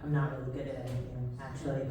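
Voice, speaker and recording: A woman's voice: rumbling low, flat delivery, very fast. Young american woman doing standup, wry and chatty, mic kinda far, very echoey club. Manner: conversational, wry, punchlines with frequent laughs. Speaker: stand-up comedian. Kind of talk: stand-up comedy set. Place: comedy club stage. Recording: echoey club, mic at a distance, faint hum.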